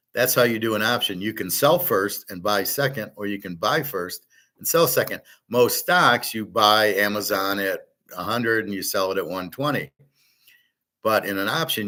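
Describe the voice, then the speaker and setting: A man's voice: on the low side, bright, forceful tone. A middle-aged man hosting a show, talking in a blunt, rambling, casual way and swearing now and then. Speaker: show host.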